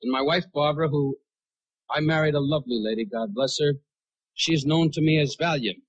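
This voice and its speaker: Brash, husky roast comic man. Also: fairly high pitch, poor audio. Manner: brash rapid-fire insult humor; bursts into shouted punchlines. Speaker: roast comedian. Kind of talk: stand-up roast routine.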